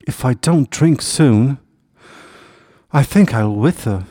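A man voicing a small, anxious and earnest male hedgehog who sounds high and easily indignant. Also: sing-song, a little slow, darkish tone, no room sound, clean studio sound. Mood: plaintive.

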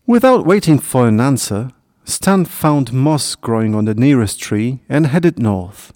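A man reads a children's animal story aloud in a gentle, expressive way. His pitch moves animatedly while his voice stays mid-range. The recording is dry and close. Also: measured pace, hardly any pauses, no echo. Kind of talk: storybook narration.

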